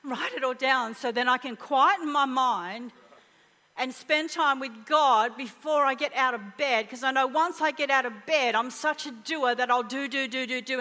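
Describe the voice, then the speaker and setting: A middle-aged woman preaching a conversational sermon, animated and humorous, sometimes dropping to a hushed voice for emphasis. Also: sits high, big-room sound.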